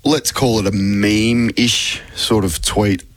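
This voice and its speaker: A man's voice: fairly low pitch, steady tone, slow pace, no echo. A man, a sports radio commentator telling stories in casual on-air chat.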